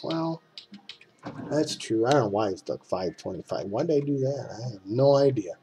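A man's voice: on the high side, sing-song, measured pace, gravelly, darkish tone, slight background noise. A man with a folksy, rambling way of talking, who speaks straight to the viewer as he walks through a computer game. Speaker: game tutorial maker. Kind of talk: casual screen-recorded game tutorial.

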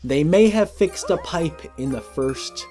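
A woman co-hosting a let's-play video, joking and swearing with bursts of shouting over game music. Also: sits low, animated, a little slow. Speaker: gaming video co-host. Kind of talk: casual let's-play banter. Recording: game music playing behind.

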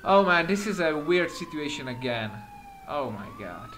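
A man giving excitable let's-play commentary while acting as a patrol cop in a game, speaking non-native English with small slips, swearing and laughing often. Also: on the high side, moderate pace, a little hiss or hum. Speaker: gaming commentator.

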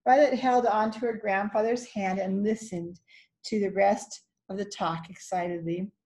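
A woman reading a children's chapter book aloud in a steady, clear storytelling manner. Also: mid-range voice, normal speed. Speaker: reader.

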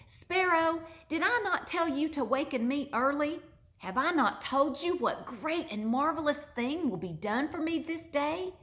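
A woman reading a storybook aloud and voicing an eager, lively young boy. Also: sits high, a little slow, pitched above the performer's own voice. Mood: excited. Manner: bright, excited, scolding fondly.

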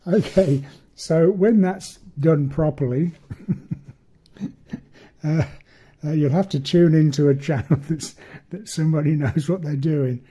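Husky chuckling man, rambling tutorial. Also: on the high side, measured pace, mellow. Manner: rambling, self-deprecating, chuckles often. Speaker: model-making tutor. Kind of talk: casual hands-on tutorial.

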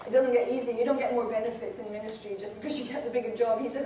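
A woman preaching a fervent sermon to a women's gathering, rising to shouts and dropping low. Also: steady tone, rapid-fire. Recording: echoey hall from far off, faint noise.

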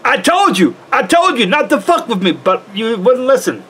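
A man's voice: very high-pitched, sing-song, moderate pace, bright, forceful tone, breathy edge, pitched above the performer's own voice, heavily acted. A man voicing a furious, swearing gangster boss who snarls threats in a raised voice. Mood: snarling, furious.

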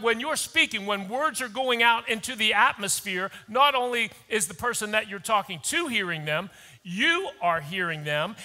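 High bright guy preaching hard, church hall echo ringing long. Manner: urgent preacher, rising to shouts. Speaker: pastor. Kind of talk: sermon. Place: church auditorium.

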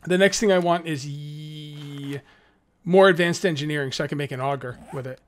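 A man's voice: a little high, moderate pace. A man hosting a let's play, giving casual gameplay commentary and taunting enemies as he goes. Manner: excitable, jokey, taunts enemies.

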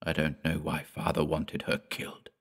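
A man voicing an uneasy young village man in an audiobook, speaking in a hushed tone. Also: deep voice, moderate pace, close to an everyday voice.

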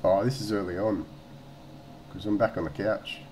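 A man's voice: fairly low pitch, steady tone, moderate pace, darkish tone, slight background noise, low-quality recording. A man with an Australian accent talking casually to camera, blunt and rambling, swearing freely. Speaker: vlogger.

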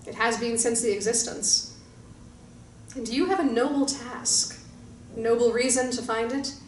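A woman voicing a huge white male guardian creature who speaks slowly and proudly in a deep, booming way. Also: close to an everyday voice. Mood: calm proud. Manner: slow, booming, measured. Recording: roomy distant mic with faint hiss.

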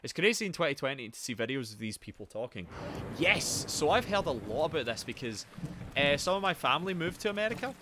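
A man streaming a game, chatting casually, excitable and swearing, breaking into shouts. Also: a little high, quick pace, noisy background. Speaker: gaming streamer.

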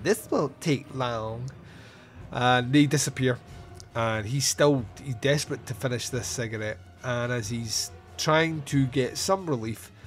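A man's voice: medium pitch, fairly bright tone. A man hosting a podcast on his own, recapping a film scene by scene in a wry, joking way with asides and fillers. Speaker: podcast host reviewing a film.

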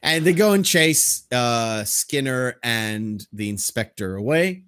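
Male podcast host, mid-pitched, dry close sound, walks through a plot with hesitant fillers. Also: expressive, takes it slowly, a bit bright, clean tone, no echo. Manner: agreeable, many yeahs, hesitant fillers. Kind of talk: casual movie discussion.

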